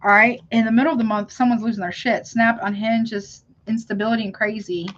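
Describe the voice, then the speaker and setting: Chatty woman tarot reader, slightly high voice. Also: fairly even intonation, brisk, a bit bright, highs cut off. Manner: chatty, calls viewers honey, self-interrupting. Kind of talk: live tarot reading, reacting to chat.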